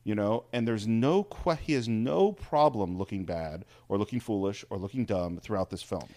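A man's voice: fairly low pitch, lively intonation, normal speed, darkish tone. A man co-hosting a film podcast, talking eagerly and repeating words as he searches for the right phrase. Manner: enthusiastic, repeats words while searching for them. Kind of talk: casual film discussion.

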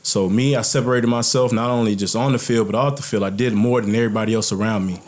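A man's voice: on the low side, fast. A man who played pro football tells his own life story in casual chat and acts out what others said. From United States. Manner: animated storyteller, acts out quotes. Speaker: guest, former NFL player.

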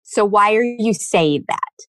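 A woman in casual podcast chat, animated and acting out quoted lines as she tells stories. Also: mid-range voice, slow pace, no echo.

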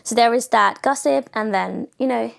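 A young woman talks through her own podcast in a loose, chatty way. Her voice has gone raspy, and she keeps it light and playful, with plenty of fillers and laughs. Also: on the high side, moderate pace. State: voice going raspy. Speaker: podcast host. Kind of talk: casual solo podcast chat.

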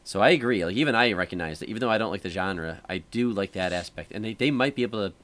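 Low-voiced man chatting loosely. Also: quick pace. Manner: rambling, relaxed storytelling with many fillers. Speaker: podcast host. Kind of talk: casual chat.

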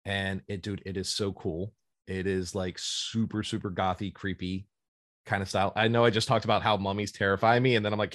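A male podcast host with a fairly low voice, chatting casually. He rambles with enthusiasm and drifts from one tangent to the next. The sound is close and dry, with no room around it. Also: level tone, a little fast, fairly bright tone, no room sound. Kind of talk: casual chat.

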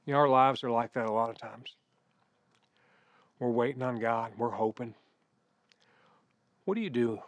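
A middle-aged man preaches in a relaxed, conversational manner, weaving personal stories into his sermon. His voice is smooth and clear at an ordinary pitch. He is recorded up close, with a dry sound and no room echo. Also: normal speed, pauses often. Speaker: pastor.

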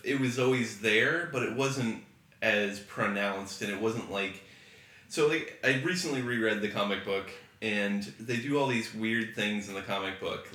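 A man's voice: fairly low pitch, bright, forceful tone. A man co-hosting a movie podcast, chatting casually and hesitantly with frequent fillers. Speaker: podcast co-host. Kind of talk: casual chat. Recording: roomy echo.

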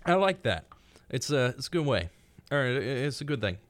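Talking quickly in a mid-range voice, this young adult co-hosts a college radio show, recorded on a studio mic in a radio studio without echo. He's relaxed and lively, chatty and full of fillers.

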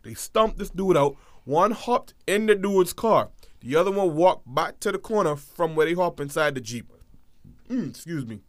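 A man casually telling a story, acting out quotes and swinging between hushed and loud. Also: fairly high pitch, lively intonation, normal speed, dry recording, studio quality.

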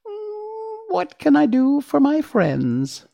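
Man putting on a squeaky tiny mouse queen, kindly and gracious, very high falsetto, storybook reading. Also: huge pitch swings, slow pace, vocal fry, dark tone, full character voice. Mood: kindly, helpful.

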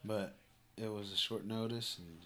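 A man's voice: lowish voice, fairly even intonation, moderate pace, crowd noise. Easygoing young man in casual chat. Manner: easygoing, mumbling asides, swears casually. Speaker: podcast co-host, jiu-jitsu competitor.

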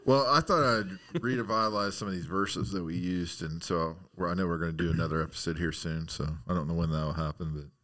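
Deep, bright-toned podcast host. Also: male voice, brisk, few pauses. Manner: easygoing, prompting questions. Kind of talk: casual podcast chat.

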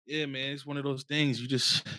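A man chatting casually with friends, laughing as he tells lively stories about his kid. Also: mid-range voice, moderate pace, no echo, clean studio sound. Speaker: father. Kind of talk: casual chat among friends.

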